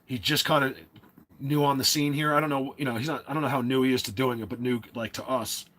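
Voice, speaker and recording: A man's voice: medium pitch, steady tone, fast, a bit bright. A man from New Jersey hosting a casual livestream, rambling along with lots of fillers and restarts. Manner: rambling, filler-heavy, self-interrupting. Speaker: livestream host.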